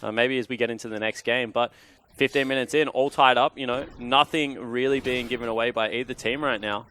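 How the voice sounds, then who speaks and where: A man's voice: mid-range voice, fairly quick, a little hiss or hum. A man giving casual, analytical color commentary on an esports match. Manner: relaxed analytical, casual fillers.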